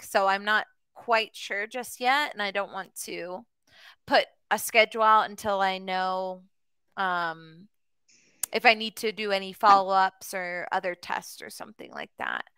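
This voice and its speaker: A woman from the US chats with a student on a video call, her voice bright and very clear. She talks in a friendly, easygoing way with plenty of fillers. The sound is dry and close. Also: mid-range voice, fairly even intonation, a little slow, no room sound. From United States. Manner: friendly, chatty, many fillers. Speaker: online English tutor. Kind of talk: casual conversation class.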